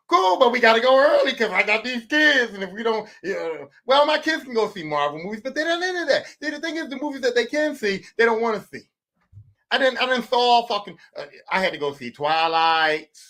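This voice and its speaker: Man, high-pitched voice, middle-aged, podcast host, profane comedic rant, repeats himself for emphasis. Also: fairly bright tone.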